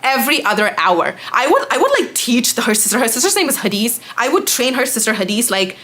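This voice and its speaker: A young woman vlogger telling a storytime rant, animated and sarcastic, with lots of fillers. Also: on the high side. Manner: animated, exasperated, sarcastic, talks fast with lots of 'like'.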